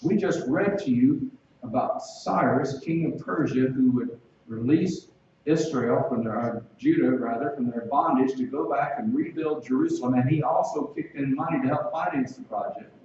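A man's voice: mid-range voice, moderate pace, darkish tone, a little hiss or hum. A man preaching an expository sermon in a conversational way, asking his listeners direct questions. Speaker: pastor. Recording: echoey distant, dull sound.

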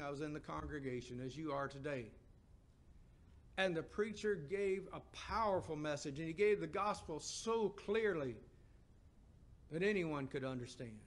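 A middle-aged man preaching a sermon, asking the congregation emphatic questions and dropping to a hushed voice for stories. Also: a little high.

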